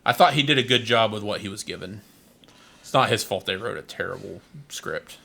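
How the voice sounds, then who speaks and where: A man's voice: lowish voice, a little fast, gravelly. A man co-hosting a casual podcast chat, telling stories and acting out what people said. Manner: animated storyteller, acts out quotes. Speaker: podcast co-host.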